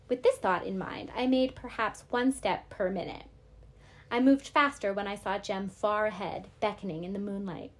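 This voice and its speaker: A woman teacher reading a novel aloud to her class, steady and clear. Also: medium pitch, normal speed.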